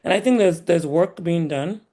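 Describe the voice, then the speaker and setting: Nigerian-accented woman guest, animated and emphatic, quick to laugh. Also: on the low side. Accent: Nigerian, polished by years in the US. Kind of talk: casual conversation.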